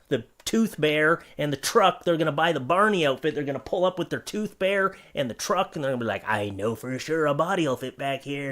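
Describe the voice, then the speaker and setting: A man's voice: on the high side, fairly bright tone. A man giving joking, sarcastic commentary on odd items from online listings, as the host of his comedy channel. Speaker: comedy YouTuber.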